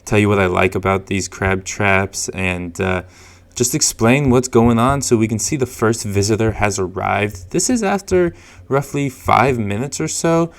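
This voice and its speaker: Low, gravelly-voiced man narrating casually. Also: a little slow. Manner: chatty and chuckling, with many fillers. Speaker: fishing channel host.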